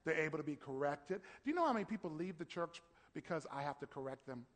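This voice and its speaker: Man, pastor, sermon, high voice, shouted emphasis, call-and-response, long church-hall reverb. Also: expressive, fast. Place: church sanctuary.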